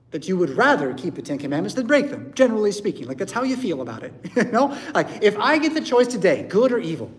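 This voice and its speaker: A male pastor preaching a sermon in a church, conversational, often checking in with "right?" and "yeah?". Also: high voice.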